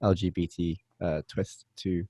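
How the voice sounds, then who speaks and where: A man's voice: sits low, little pitch movement, unhurried, warm tone, slightly rough, dry recording. A man co-hosting a podcast in casual chat, teasing and chatty with plenty of fillers. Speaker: podcast co-host.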